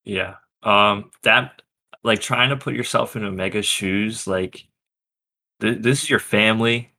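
Male podcast co-host, bright forceful tone, enthusiastic, laughs a lot. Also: on the low side, measured pace. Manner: enthusiastic, laughs often, lots of "like". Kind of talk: casual chat reviewing a TV episode.

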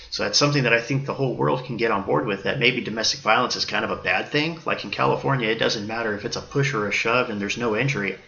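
A man's voice: on the low side, quick pace, vocal fry, hardly any pauses, sharp tone. A man who is a police officer, talking in an earnest, reflective way as a podcast guest. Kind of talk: casual podcast talk. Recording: dull lo-fi audio.

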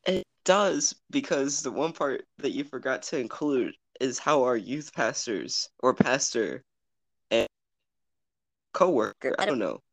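A young man co-hosting a podcast, talking in relaxed casual chat and sometimes searching for words. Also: mid-range voice, measured pace, creaky, low-quality recording. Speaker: podcast co-host.

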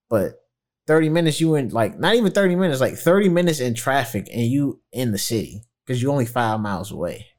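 A man co-hosting a casual sports talk show, talking in a loose, colloquial way and acting out what others told him. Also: mid-range voice. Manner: animated, colloquial, slips into quoted voices. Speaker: podcast co-host.

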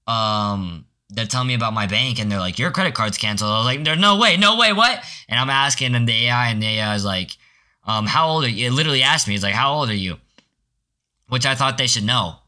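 A man's voice: mid-range voice, bright, forceful tone. A teenage boy hosting his first solo podcast, telling rambling stories with many restarts and self-mocking jokes. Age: teens. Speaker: podcast host. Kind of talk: casual solo podcast storytelling.

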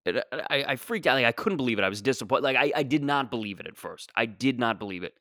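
A man's voice: medium pitch, expressive, fast talker, a bit bright, dry recording, studio quality. A young man hosting a podcast, telling a comic story in a rambling, digressive way that keeps trailing off. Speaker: podcast host. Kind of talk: comedic solo storytelling.

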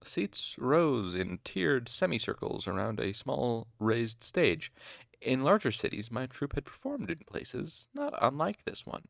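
A man's voice: medium pitch, big pitch swings, measured pace, vocal fry, fairly bright tone, no room sound, clean studio sound. A young man reading a novel aloud at home in a casual, informal way, now and then stopping for asides and corrections. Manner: informal, stops to make whispered asides and corrections. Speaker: amateur audiobook reader. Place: home room.

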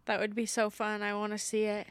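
A woman's voice: mid-range voice, completely flat delivery, a little fast, smooth, no room sound. A young woman co-hosting a podcast, upbeat and teasing, chatting casually with slang. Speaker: podcast co-host. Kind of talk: casual chat.

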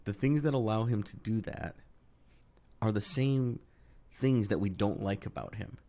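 Male co-host, low voice, casual chat, gets heated and restarts his sentences. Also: unhurried. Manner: animated, rising in pitch when worked up, many restarts.

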